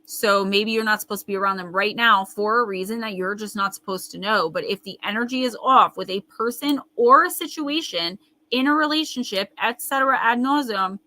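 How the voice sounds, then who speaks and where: A woman's voice: medium pitch, a little fast, pushed and bright, no echo, rough recording. A woman hosting a live card-reading stream, talking straight to viewers in a chatty, emphatic way and riffing on their comments. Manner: reads viewer comments aloud and riffs on them. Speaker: intuitive tarot reader, host.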